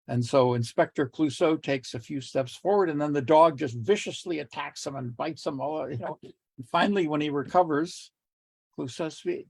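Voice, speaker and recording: A middle-aged man teaching communication skills in a relaxed lecture, telling jokes with quoted voices and small laughs. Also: on the high side, normal speed, creaky, breathy edge, no echo. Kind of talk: lecture with joke anecdotes.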